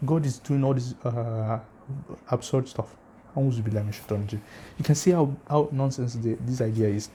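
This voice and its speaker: Speaking a little fast in a warm, mid-range voice, with slight hiss or hum in the background, a man hosts a religious channel. His easygoing lecture carries emphatic, confrontational arguments and rhetorical questions; he addresses viewers directly and solicits comments.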